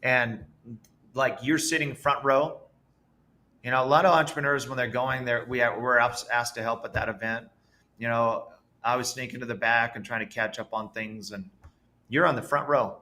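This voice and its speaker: A man's voice: mid-range voice, normal speed. A man who founded a business, a podcast guest telling stories with enthusiasm. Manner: enthusiastic, animated storyteller. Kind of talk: casual podcast conversation.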